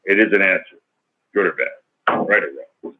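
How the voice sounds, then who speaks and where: A man's voice: low voice, fairly even intonation, moderate pace. An older man answering student questions in a loose, rambling way, full of fillers and restarts, over a call. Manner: rambling and verbose, many fillers. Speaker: guest actor. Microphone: video call. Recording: tinny phone-like video call audio.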